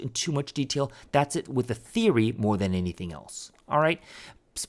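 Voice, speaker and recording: A man teaching a programming tutorial over a screen recording, talking casually and thinking aloud with fillers and restarts. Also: medium pitch.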